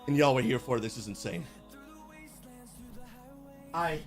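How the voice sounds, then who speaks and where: A man, a pastor who streams games, chatting live with his viewers and calling them bro, bursting into shouts and laughter. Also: mid-range voice, unhurried, long pauses, soft background music. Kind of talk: live gaming stream chat.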